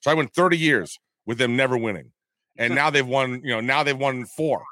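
A man's voice: mid-range voice, brisk, sharp tone, no room sound. A man in his forties chatting casually on a video call, rambling and self-deprecating, often repeating himself. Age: 40s. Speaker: guest. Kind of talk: casual chat.

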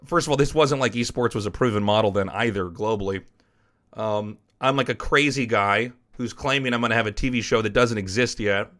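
A man's voice: fairly low pitch, fairly quick, fairly bright tone. A man hosting a podcast, telling a personal story in a frank, rambling way and swearing casually. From United States. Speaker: podcast host and esports caster.

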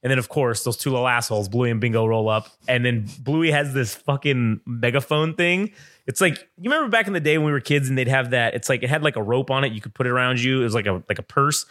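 A man's voice: mid-range voice, fast talker, a bit bright, no echo, clean studio sound. Profane rambling man telling a story. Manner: profane, rambling, acts out quotes in funny voices. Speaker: podcast co-host. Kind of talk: casual storytelling chat.

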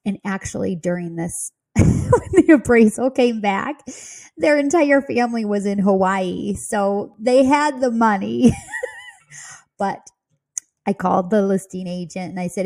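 A woman hosts a real estate podcast and tells her story in casual, chatty asides, giggling often along the way. Her voice is mellow and warm and sits at a middle pitch. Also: normal speed, creaky.

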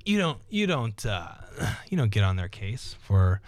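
A man's voice: fairly low pitch, very animated, a little slow, no room sound. Young guy rambling into his podcast mic at home, goofy, dry close sound. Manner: rambling and jokey, loses his thread; self-mocking. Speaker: podcast host. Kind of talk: solo casual podcast monologue. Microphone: desk microphone.

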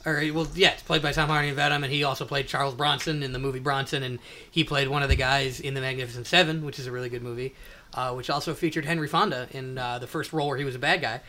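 A man's voice: medium pitch, steady tone, fast, pushed and bright. A man co-hosting a casual comedy podcast, teasing his friends and rattling off film trivia. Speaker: podcast co-host.

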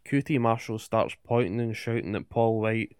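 A man rattles through a wrestling recap with a smooth, clean voice. He swears freely and tosses out rhetorical questions. The sound is dry and close. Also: on the low side, steady tone, moderate pace, a little mellow, dry recording. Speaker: podcast co-host. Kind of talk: casual wrestling recap chat.

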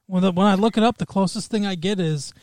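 A man's voice: high voice, fast talker, darkish tone, no echo. A man co-hosting a podcast, chatting casually and agreeably with a joking edge. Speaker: podcast co-host. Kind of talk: casual chat.

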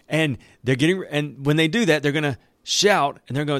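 Lively man teaching scripture, dry sound. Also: a little high, fairly quick, hardly any pauses, dry recording. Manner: animated storyteller who acts out characters' lines and laughs often. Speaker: Bible teacher. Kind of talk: conversational Bible teaching with scripture reading.

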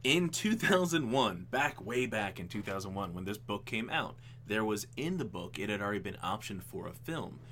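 A man co-hosting a casual podcast, talking animatedly about a film adaptation, with frequent ums and quick laughs. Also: fairly low pitch, expressive, bright, forceful tone, a little hiss or hum. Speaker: podcast co-host.

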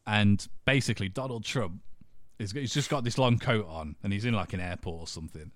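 A man's voice: on the low side, brisk, dry recording, studio quality. A man co-hosting a podcast, chatting casually about films, rambling, swearing now and then and laughing often. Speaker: podcast co-host. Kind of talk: casual chat.

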